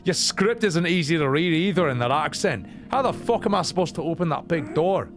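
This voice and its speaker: A man's voice: on the high side, expressive, moderate pace. A man voicing a grumpy, sarcastic young male diver in a raised, incredulous voice, game music behind him.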